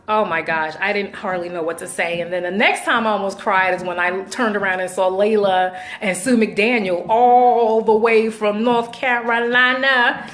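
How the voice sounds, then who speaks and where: A woman hosting her own show, chatting casually and effusively to her viewers. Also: mid-range voice. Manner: effusive, chatty, thankful shout-outs. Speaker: show host. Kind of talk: casual video chat.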